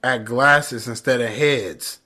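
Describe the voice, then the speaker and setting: Bright, animated man recapping a show. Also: mid-range voice, slow pace. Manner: animated, acts out lines in character voices, laughs often. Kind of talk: casual reaction chat.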